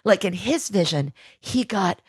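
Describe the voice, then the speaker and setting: Husky woman with a gravelly low voice, excitedly retelling a show and doing the characters' lines. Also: a little slow, dry recording, clean studio sound. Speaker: podcast guest. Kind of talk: casual chat.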